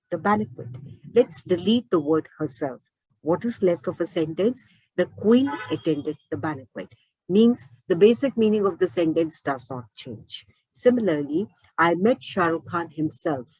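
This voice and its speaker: Woman grammar teacher, low-pitched husky voice, dry close recording, patient explainer. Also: a little mellow, dry recording, poor audio. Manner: repeats and rephrases points, asks rhetorical questions. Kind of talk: explaining lesson.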